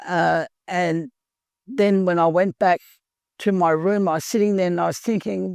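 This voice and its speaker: A woman's voice: on the low side, fairly even intonation, unhurried, vocal fry, a little mellow, no room sound, studio quality. A woman earnestly telling her own recovery story in a plain-spoken way. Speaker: guest sharing recovery story. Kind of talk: personal storytelling.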